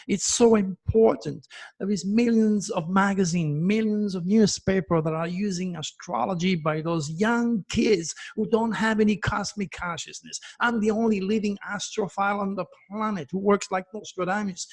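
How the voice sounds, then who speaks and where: A man's voice: sits high, husky. A man in his seventies with a French accent, giving a boastful, preachy monologue to his viewers as an astrologer host. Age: 70s.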